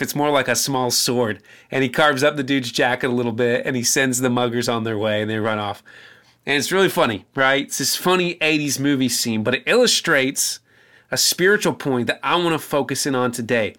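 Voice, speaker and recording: A man's voice: medium pitch, brisk, a bit bright. A man, a pastor, giving a conversational sermon, telling stories with small restarts and then reading scripture aloud.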